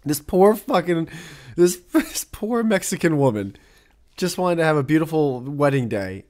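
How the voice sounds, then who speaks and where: His voice is slightly high and darkish in tone, with big pitch swings and a measured pace. He's a young man hosting a solo podcast, rambling casually and profanely while repeatedly drifting into asides.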